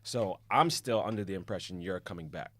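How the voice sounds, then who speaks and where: A man's voice: deep voice, a little fast, fairly bright tone, no room sound. A man on a podcast defending his side of a story in short, casual interjections. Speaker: podcast guest. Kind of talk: casual chat.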